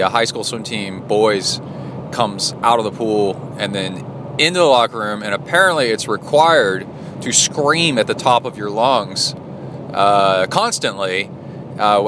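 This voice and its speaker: A man's voice: fairly low pitch, background noise. Rambling man talking into a phone. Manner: rambling, chatty storytelling with many fillers. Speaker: podcast host. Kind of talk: casual training-log monologue. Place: school locker room.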